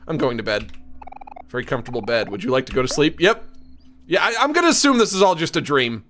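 A man's voice: fairly high pitch, sing-song, fast, fairly bright tone, a little hiss or hum. A man streaming a game, reading its text aloud and joking between laughs. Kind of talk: casual let's-play commentary.

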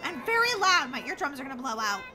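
A woman's voice: high voice, sing-song, fast. A woman voicing a frightened young girl trapped in a nightmare, stammering and talking to herself in a roleplay game video. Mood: flustered. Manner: frantic, stammering, talks to herself. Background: background music.

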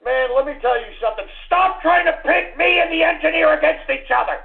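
A male radio host ranting angrily at his callers, cursing and yelling at them. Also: extremely high pitch, fairly quick, vocal fry. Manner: angry, cursing, yells at callers. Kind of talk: call-in radio rant. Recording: phone-like radio audio.

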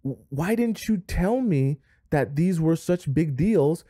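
A man's voice: fairly high pitch, animated, takes it slowly, dark tone, dry recording, clean studio sound, voice pushed up. A man voicing a confused girlfriend who stammers and trips over her questions. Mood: baffled. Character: bewildered female partner, stammering.

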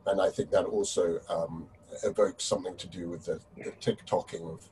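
A male professor adding thoughtful remarks in an academic discussion, with frequent pauses. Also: low-pitched, little pitch movement, dark tone. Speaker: professor guest. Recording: distant mic with faint noise.

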